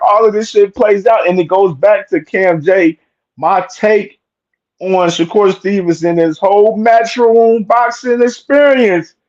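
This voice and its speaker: Emphatic man with a high voice. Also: darkish tone, highs cut off. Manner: emphatic, repetitive, swears freely, slangy. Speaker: boxing commentary host. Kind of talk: casual opinionated commentary.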